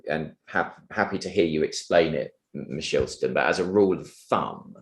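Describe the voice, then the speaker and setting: Man, very low gravelly voice, halting polite questioning, echoey hearing room. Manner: halting, many restarts and fillers, polite. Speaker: barrister cross-examining. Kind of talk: public inquiry cross-examination. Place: public inquiry hearing room.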